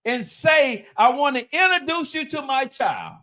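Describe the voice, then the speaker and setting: A man in his thirties telling a profane story in a lively, dramatic way, checking in with "right?" again and again. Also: very high-pitched, a little slow. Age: 30s. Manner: animated, dramatic, repeats "right?". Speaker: storyteller on a live-streamed talk show.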